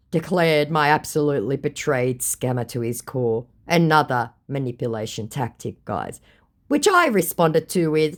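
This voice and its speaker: A woman's voice: low-pitched, sing-song, normal speed, darkish tone. A woman telling a storytime vlog about chatting with a scammer, sarcastic and exasperated. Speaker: storyteller recounting a chat with a scammer.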